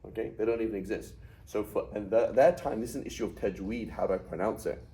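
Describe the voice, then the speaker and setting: A man's voice: fairly low pitch, fairly even intonation, fast, mellow, low-quality recording. A man teaching a class in a conversational lecture style, often putting questions to his students. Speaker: Arabic teacher.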